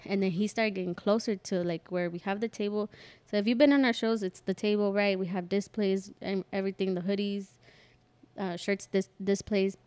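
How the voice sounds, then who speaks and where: Young woman podcast host, casual, animated storyteller with salty language. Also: mid-range voice, moderate pace, clear, resonant tone. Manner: animated storyteller who acts out quotes and swears freely. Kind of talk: casual chat.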